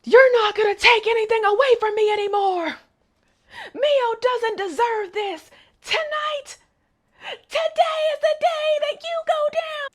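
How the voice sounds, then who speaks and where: A woman voicing an angry young man who is outraged and yelling at his father. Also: medium pitch, moderate pace, lightly acted. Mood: enraged.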